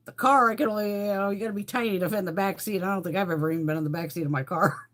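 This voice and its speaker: A woman's voice: lowish voice, steady tone, very fast. A woman from the United States hosting a makeup livestream, chatting casually with viewers, blunt and laughing often, with heavy swearing. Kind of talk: casual livestream chat reading viewer comments.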